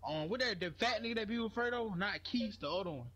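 A man's voice: high voice, lively intonation, fast talker, fairly bright tone, highs cut off. A young man on a game voice chat, loose, joking and slangy, complaining about lag. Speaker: gaming teammate.

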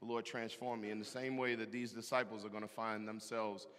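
A man preaching a sermon, animated and emphatic, with loud bursts and call-and-response to the congregation. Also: lowish voice, a little fast. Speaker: pastor. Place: large church hall. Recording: echoey hall from a distance.

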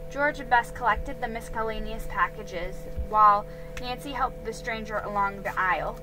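A woman reading a mystery story aloud in a calm, measured way, over background music. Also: a little high, rough recording.

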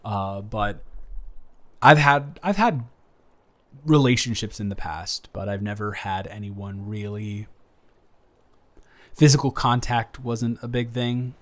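A man playing an earnest, halting young guy. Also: lowish voice. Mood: shy. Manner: halting, hesitant, frequent restarts. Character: earnest young man, best friend's older brother. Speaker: audio roleplay performer. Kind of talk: improvised romantic audio roleplay.

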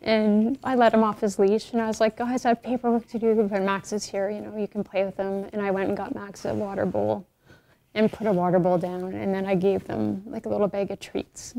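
A woman's voice: medium pitch, little pitch movement, a little fast, creaky, dark tone. A woman telling a heartfelt story in a documentary interview.

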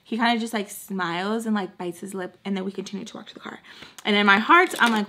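A woman's voice: medium pitch, fast, bright, forceful tone, a little hiss or hum. A young woman, casually telling a dramatic storytime while doing her makeup, full of "like" and sighs. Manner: chatty, dramatic, heavy filler "like".

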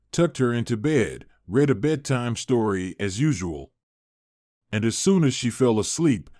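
A man narrating a scripted story in a steady, even reading voice. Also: medium pitch, dry recording, studio quality.

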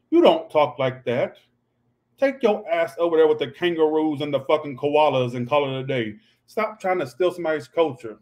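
A man's voice: on the high side, animated, normal speed, darkish tone. A man doing a casual livestream tarot reading, talking in a snappy, profane, ranting way. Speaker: tarot reader.

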